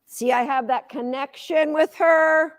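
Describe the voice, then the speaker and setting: High-voiced woman coaching live. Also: measured pace, no room sound. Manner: energetic, chatty, cheers the dog on. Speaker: dog agility coach. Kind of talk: live teaching demo.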